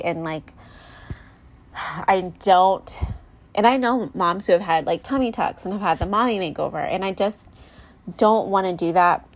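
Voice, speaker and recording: Rambling young mom, slightly low voice. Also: female voice. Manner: rambling, confessional, lots of likes and ums. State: close to tears. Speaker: mom vlogger. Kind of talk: candid personal vlog chat.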